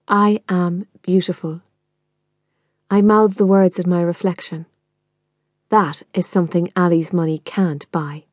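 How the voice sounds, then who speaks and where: Lady reading a novel, lowish voice, dry close sound. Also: mellow, dry recording. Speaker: audiobook narrator. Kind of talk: first-person novel narration.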